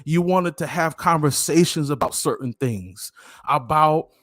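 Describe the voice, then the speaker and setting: Speaking to camera, a middle-aged motivational speaker delivers an earnest talk, repeating phrases for emphasis as faint music plays behind him. His voice sits a little high and is a bit bright, unhurried, and recorded cleanly in a studio with no echo.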